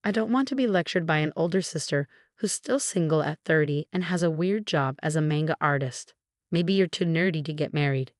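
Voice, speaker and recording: Brief: woman reading as a snide spoiled young bride, lowish plain voice, dry. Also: fairly quick, no echo, close to an everyday voice. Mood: mocking. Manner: mocking and condescending.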